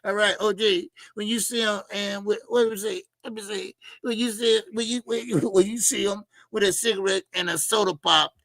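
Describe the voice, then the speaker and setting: A man with a high, gravelly voice hosts boxing talk in a loose, laughing, rambling way. His tone is bright and sharp. The sound is dry and close, with no room echo. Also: steady tone, moderate pace, hardly any pauses. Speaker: boxing channel host. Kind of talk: casual livestream commentary.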